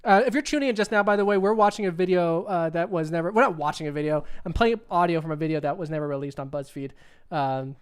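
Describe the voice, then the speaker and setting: A man chatting on his livestream at a quick clip, his voice smooth and clear. He rambles and repeats himself as he hunts for the right clip, loose and casual throughout. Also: a little high. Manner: rambling, repeats himself while cueing up clips. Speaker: livestream host.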